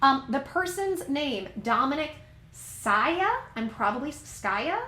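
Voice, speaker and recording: Chatty woman, bit high voice, reading docs out and tripping on names, echoey room. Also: expressive, slow, bright, forceful tone. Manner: chatty, stumbles over names and words. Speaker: commentary channel host. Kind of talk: casual commentary reading court documents.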